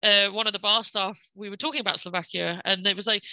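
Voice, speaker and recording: A woman's voice: mid-range voice, moderate pace, pushed and bright, smooth, no room sound, low-quality recording. A woman who works at an Irish community centre, speaking on a panel and telling chatty anecdotes in which she acts out what people said. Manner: chatty anecdotal storytelling, acting out quotes. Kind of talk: panel conversation.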